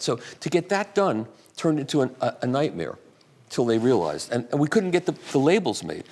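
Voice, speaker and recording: A man's voice: mid-range voice, sing-song, brisk, darkish tone. Chatty man talking to a live audience. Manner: rambling, chatty, with restarts and asides. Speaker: guest speaker at a live audiophile talk. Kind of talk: casual talk answering audience questions. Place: hall at a live event.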